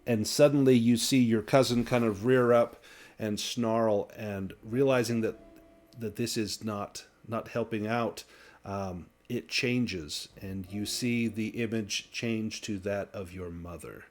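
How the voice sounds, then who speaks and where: A man acting as game master, narrating a tabletop horror game in a measured, descriptive way. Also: lowish voice, steady tone, a little mellow.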